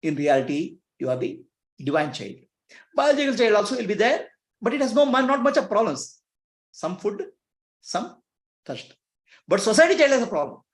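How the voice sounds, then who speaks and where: A man's voice: sits high, big pitch swings, normal speed, long pauses. Chuckling male spiritual teacher, echoey room. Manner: asks listeners rhetorical questions and chuckles between points.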